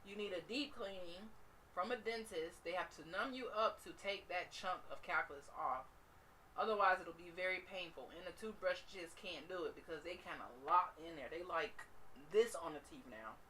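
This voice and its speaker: Woman dentist, bright and playful, explains tooth care in a casual teaching talk. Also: lowish voice, moderate pace, a little hiss or hum. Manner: animated, playful, laughs often.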